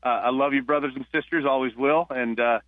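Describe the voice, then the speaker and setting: A man from New Jersey, a retired police officer, telling stories as a guest on a phone-in radio interview, with halting restarts. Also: medium pitch, steady tone, no room sound. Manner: warm storyteller, halting restarts. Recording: tinny phone line.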